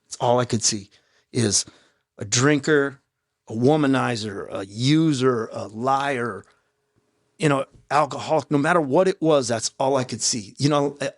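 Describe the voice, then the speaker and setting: A man in his fifties, a podcast guest, telling his own story in a raw, halting way with blunt profanity. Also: medium pitch, dry recording, clean studio sound. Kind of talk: candid personal storytelling in an interview. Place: podcast studio. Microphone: studio microphone.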